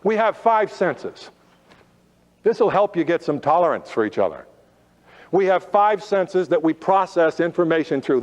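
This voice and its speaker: A man giving a motivational talk to a live audience, firing rhetorical questions and drawing out his key phrases. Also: on the high side. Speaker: motivational speaker. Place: auditorium. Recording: lo-fi recording with long hall reverb.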